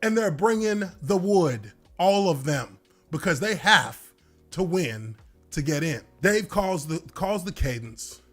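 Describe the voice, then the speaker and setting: Male ex-lineman, animated storyteller, high lively voice, swears casually. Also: takes it slowly. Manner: animated, dramatic retelling with casual profanity. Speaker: former pro football lineman. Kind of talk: storytelling anecdote. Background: faint music.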